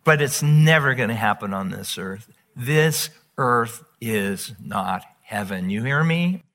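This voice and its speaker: A man preaching a sermon as pastor, emphatic and animated, drawing out quoted words slowly. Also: medium pitch. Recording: long reverb of a large hall.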